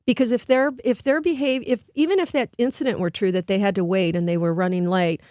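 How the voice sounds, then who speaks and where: A woman's voice: mid-range voice, darkish tone, no echo. A middle-aged woman speaks earnestly into a studio microphone as a radio interview guest. She explains her ideas with care and slips into livelier voices when she quotes people. The sound is close and dry. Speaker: guest expert on behavior.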